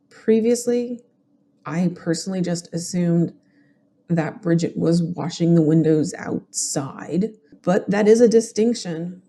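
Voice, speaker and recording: A woman's voice: lowish voice, dark tone, a little hiss or hum. A woman with a Southern US accent hosting a genealogy and true crime show, giving chatty, opinionated commentary on court records.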